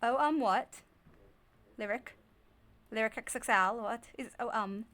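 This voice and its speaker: A woman's voice: fairly high pitch, slow, a bit bright. A woman streamer chatting to herself while she plays, curious and easily spooked. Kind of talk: live gameplay commentary. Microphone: desk microphone.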